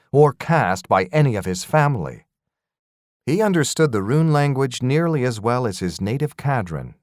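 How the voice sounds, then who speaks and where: A man narrating a fantasy audiobook in an expressive storytelling manner. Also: mid-range voice, no room sound, clean studio sound.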